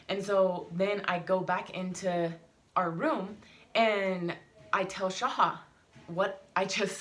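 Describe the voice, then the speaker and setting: Young adult woman, family vlogger, lowish voice, heated and blunt storyteller. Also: fairly bright tone. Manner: heated, emphatic retelling with swearing. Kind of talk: casual vlog storytelling.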